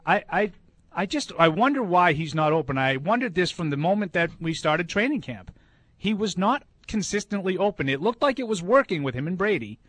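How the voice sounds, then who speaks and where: A man on a sports talk show, debating casually, with halting restarts that turn into emphatic points. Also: sits high, sing-song, fairly bright tone, dry recording. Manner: hesitant restarts, then emphatic.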